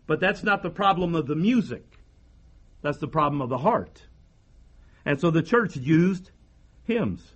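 A high-pitched man delivers a sermon, pressing his points with rhetorical questions and repeated phrases. The recording sounds dull and lo-fi. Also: lively intonation, a little slow, long pauses, a bit bright, breathy edge. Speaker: pastor.

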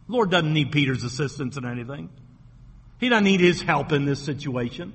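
Forceful husky preacher in a reverberant church. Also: male voice, sits high, normal speed. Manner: emphatic, repeats phrases for effect, asks rhetorical questions. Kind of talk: sermon. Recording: long hall reverb.

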